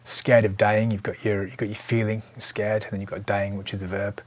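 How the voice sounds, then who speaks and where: A man's voice: fairly low pitch, fairly quick. A man teaching lyric writing in a casual, thinking-aloud way. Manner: relaxed, thinking aloud with restarts. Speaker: songwriting teacher. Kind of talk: casual instructional talk.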